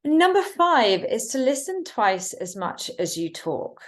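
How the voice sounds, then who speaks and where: Clear, emphatic woman coaching a webinar. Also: a little high, very animated. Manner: clear, emphatic delivery with deliberate pauses. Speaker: communication trainer. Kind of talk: webinar teaching.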